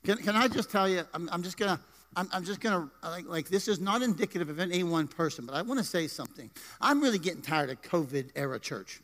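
High-voiced joking pastor in a hall. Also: male voice, expressive, quick pace, a bit bright. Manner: playful, joking banter with the congregation. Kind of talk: sermon. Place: church sanctuary. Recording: live church hall reverb.

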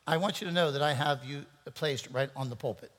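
High-voiced pastor in a reverberant church. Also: male voice, a little fast, fairly bright tone, a little hiss or hum. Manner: playful, self-interrupting, joking with the congregation. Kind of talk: sermon. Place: church sanctuary.

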